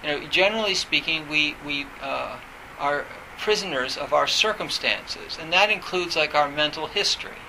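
Male meditation teacher, somewhat high voice, hesitant, restarts a lot. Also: vocal fry, noisy background. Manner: hesitant, halting, many fillers and restarts. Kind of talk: reflective talk on meditation.

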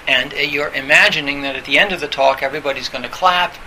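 A man's voice: on the high side, fast, bright, forceful tone, low-quality recording. A man giving a conversational dharma talk, full of fillers and restarts, who acts out quoted voices now and then. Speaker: meditation teacher. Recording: faint hiss.

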